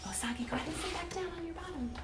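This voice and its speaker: In a classroom, a woman teacher leads rhymes and reads a picture book to young children in a patient, sing-song way. Her voice is very high-pitched and very fast. The recording is noisy and echoey, with a distant mic.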